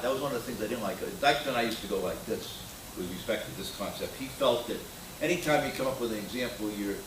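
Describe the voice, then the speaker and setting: A man's voice: mid-range voice, noisy background. An older man giving a conference keynote, opinionated and anecdotal, with frequent filler words. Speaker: keynote speaker. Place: conference hall. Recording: roomy hall sound from a distant mic.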